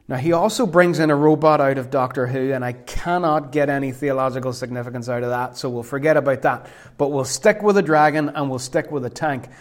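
A man preaching a sermon, emphatic, slowing right down whenever he quotes scripture. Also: a little high.

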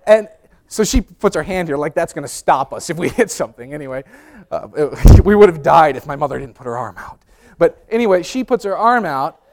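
A man preaching a sermon, telling lively personal stories, acting out voices loudly and often repeating words as he restarts. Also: a little high. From New York. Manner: animated storyteller, acts out voices loudly. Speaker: pastor. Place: church sanctuary.

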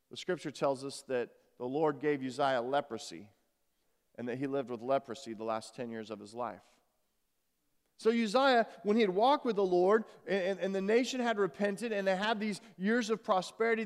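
High-voiced man preaching in a reverberant hall. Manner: earnest, restarts words often, swings from loud emphasis to soft. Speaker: pastor. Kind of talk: sermon. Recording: long reverb of a large hall.

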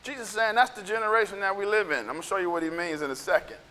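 A man teaching a Bible lesson in a playful, emphatic way, now and then shouting to drive a point home. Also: high voice, very fast, big-room sound. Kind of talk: animated sermon with acted-out quotes.

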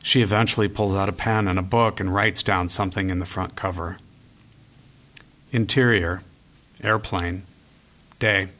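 A man reading screenplay stage directions aloud at a live reading, in a steady, even way. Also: deep voice, normal speed, pauses often.

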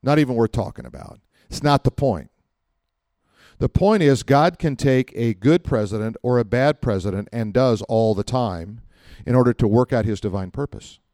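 A man's voice: mid-range voice, normal speed, mellow, no echo, clean studio sound. A man preaching a conversational sermon as pastor, mixing plain talk with acted prayers and rising to emphatic fervor.

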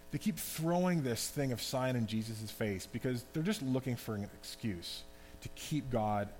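A man giving a conversational, animated sermon as pastor. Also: medium pitch. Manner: conversational, animated preaching with asides. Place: church hall. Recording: long hall reverb, faint hum.

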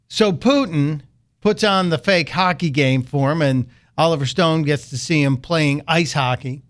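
A male radio host giving a sarcastic political monologue. His voice sits a bit high for a man, and he mocks his subject as he talks. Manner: sarcastic, mocking. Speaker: radio talk show host.

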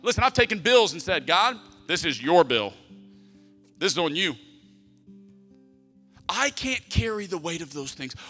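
A middle-aged male pastor preaching a conversational sermon, acting out prayers and family moments as he talks. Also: high voice. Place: church sanctuary. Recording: long hall reverb with soft music.

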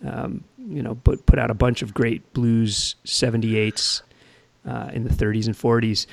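A man's voice: mid-range voice, level tone, a little slow, creaky, no room sound. A man hosting a casual radio chat, rambling and hesitant, laughing easily. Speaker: radio host.

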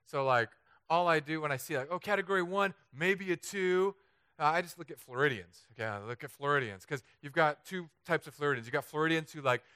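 A man from Southern California preaching a humorous storytelling sermon, animated and self-mocking, acting out the voices he quotes. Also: on the high side, fast, smooth, no echo. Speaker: pastor.

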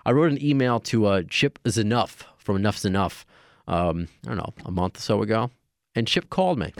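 Halting, low-voiced male podcast host. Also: expressive, no echo, clean studio sound. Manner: rambling, halting with many fillers. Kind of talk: casual podcast outro.

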